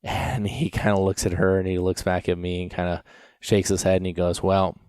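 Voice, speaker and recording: Deep-voiced man talking dogs. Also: little pitch movement, a little fast, a little mellow, clean tone, no echo, clean studio sound. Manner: rambling, storytelling with many restarts and fillers. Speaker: dog trainer and podcast host. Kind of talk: casual podcast talk.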